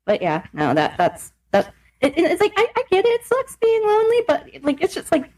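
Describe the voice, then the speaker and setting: A woman's voice: extremely high pitch, wildly swooping pitch, normal speed, hardly any pauses, a little mellow, poor audio. A young adult woman co-hosting a podcast, chatting casually and laughing often, with lots of swearing. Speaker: podcast co-host. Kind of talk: casual chat.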